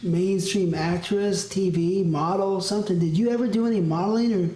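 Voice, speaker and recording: Woman host, mellow voice, echoey office, faint hiss in the background, lots of yeah and wow. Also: mid-range voice, normal speed. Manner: short reactions and leading questions. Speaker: podcast host. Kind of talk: casual interview. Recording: echoey room with faint noise.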